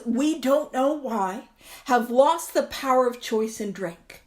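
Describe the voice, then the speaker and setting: A woman's voice: high-pitched, a little slow. A woman in her thirties hosting a recovery book study, talking casually, laughing often and poking fun at herself. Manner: chatty, self-mocking, laughs often. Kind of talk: casual teaching talk.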